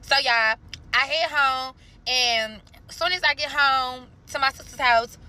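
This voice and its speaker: A young St. Louis woman tells a storytime vlog in a high, pushed, bright voice. She swears freely, calls her viewers y'all, and stretches the story out dramatically.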